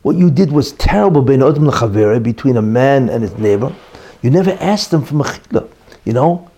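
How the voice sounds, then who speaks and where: A man's voice: medium pitch, animated, brisk, dark tone. A man voicing a stern scolding preacher. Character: stern male preacher rebuking a sinner.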